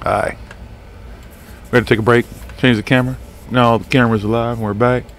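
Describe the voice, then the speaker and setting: A man's voice: mid-range voice, little pitch movement, fairly quick, a little hiss or hum. A man hosting a live paranormal radio show, chatting in a rambling, profane, laid-back way. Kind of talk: casual live radio chat.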